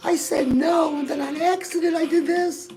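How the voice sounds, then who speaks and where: With an extremely high pitch and fairly even intonation, a woman speaks at a moderate pace as a gushing, chirpy lifestyle guru in a comic monologue, calling the viewer "girl" again and again. The audio is poor, with music loud underneath.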